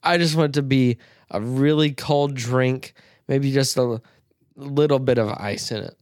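A man's voice: medium pitch, moderate pace, a little mellow, no echo, clean studio sound. A man co-hosting a casual podcast, laid-back, laughing and cursing offhand. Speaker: podcast co-host.

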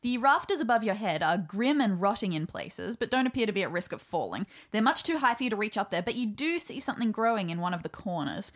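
A woman's voice: mid-range voice, big pitch swings, fast, few pauses. Amused woman game master narrating. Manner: descriptive, amused, often laughing. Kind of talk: narrating a tabletop role-playing game.

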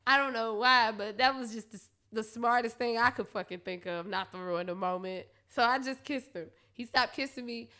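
A young woman hosting a podcast, telling a candid, profane story in a casual monologue with quick asides to her listeners. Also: fairly high pitch, pushed and bright. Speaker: podcast host.

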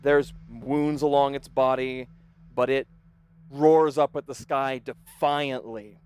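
A man's voice: mid-range voice, fairly even intonation, slow, darkish tone, smooth. A man running a tabletop game as game master, narrating scenes in vivid detail. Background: background music.

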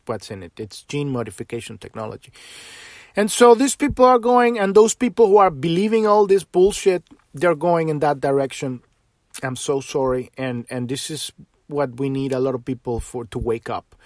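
Fervent man with a higher voice. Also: no room sound, clean studio sound. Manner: fervent and swearing, swings between loud outbursts and soft trailing. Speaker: podcast host. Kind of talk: impassioned spiritual monologue.

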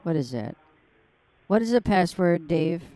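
A woman's voice: fairly low pitch, animated, unhurried, mellow. An older woman baiting a scammer on a prank phone call, mocking and taunting him crudely. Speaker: scam baiter on a call.

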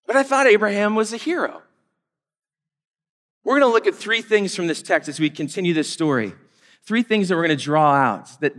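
A man in his thirties preaching a sermon in a casual, conversational way, with lively asides. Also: on the high side, in a large hall. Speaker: pastor.

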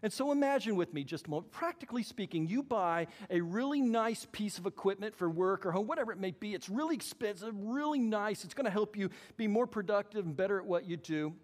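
High-voiced guy preaching in a church, lots of hall echo, gets animated acting out quotes. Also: a little fast, few pauses. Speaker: pastor. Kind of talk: sermon. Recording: long hall reverb.

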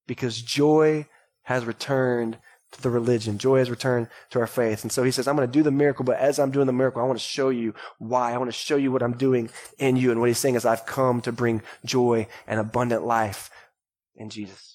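A man in his thirties from Texas, a pastor preaching a lively sermon to a congregation and calling out to them. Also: medium pitch, fairly quick. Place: church sanctuary before a congregation. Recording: live church recording.

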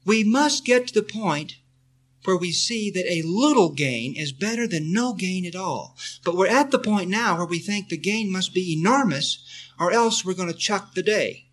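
A man's voice: sits high, lively intonation, moderate pace. Earnest man giving a spiritual talk. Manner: earnest, repetitive, leads listeners in affirmations. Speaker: spiritual teacher. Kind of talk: spiritual talk answering a question.

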